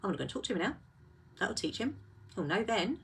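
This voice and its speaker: A woman's voice: mid-range voice, big pitch swings, brisk, creaky, fairly bright tone, a little hiss or hum. A woman hosting a casual live talk, reflective and full of rhetorical questions.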